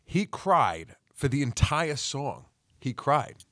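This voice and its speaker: A man's voice: mid-range voice, sing-song, slow, fairly bright tone, dry recording, clean studio sound. Laid-back man co-hosting a chat. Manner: laid-back, prompting and teasing the guest. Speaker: podcast co-host. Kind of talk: casual interview chat.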